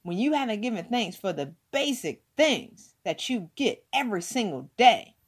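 A woman's voice: medium pitch, big pitch swings, normal speed, husky. A woman giving an emphatic motivational talk, hammering points home with repeated words. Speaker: motivational speaker.

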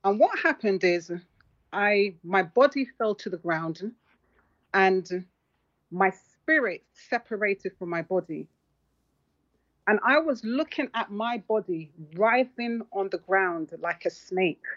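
A woman's voice: medium pitch, lively intonation, slow pace, fairly bright tone. A woman tells a personal story as a guest author. She is earnest and reflective and sometimes restarts her sentences. The audio is muffled and lo-fi. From London.

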